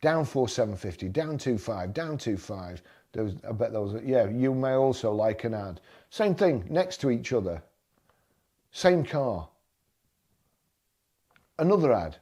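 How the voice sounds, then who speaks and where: A motoring vlogger with a husky, dark, medium-pitched voice browses car listings on screen and rants bluntly. He speaks a little slowly with frequent pauses, sounds expressive and exasperated, and repeats himself when riled.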